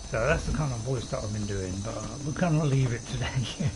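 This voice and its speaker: A man's voice: medium pitch, brisk. A man streaming a game and chatting casually, rambling and restarting his sentences in an easygoing way. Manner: rambling, easygoing, self-interrupting. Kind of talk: casual gameplay commentary. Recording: constant cricket and insect noise behind.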